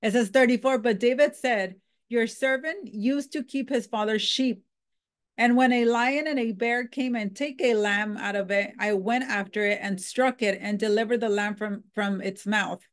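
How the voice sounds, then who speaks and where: A woman giving casual Bible teaching, reading scripture aloud and retelling it in a chatty, animated way. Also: on the high side, normal speed. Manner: conversational and animated, dramatizing the characters with "like".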